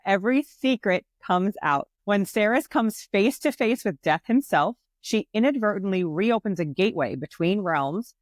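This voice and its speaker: A woman with a New York accent, co-hosting a book podcast and reading a summary aloud in a steady, measured way. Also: medium pitch, dry recording. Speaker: podcast co-host.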